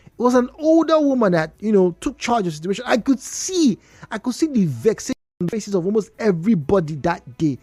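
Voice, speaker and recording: A woman's voice: medium pitch, fairly quick, breathy edge, no room sound. A Nigerian woman hosting a radio call-in talk show, telling stories with emphatic repetitions. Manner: animated storyteller, emphatic repetitions. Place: radio studio. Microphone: studio microphone.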